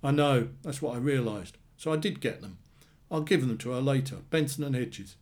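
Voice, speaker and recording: A man's voice: mid-range voice, moderate pace, darkish tone, voice pushed up, close to an everyday voice. A man voicing an angry young man in his twenties who swears bluntly and bitterly about his father.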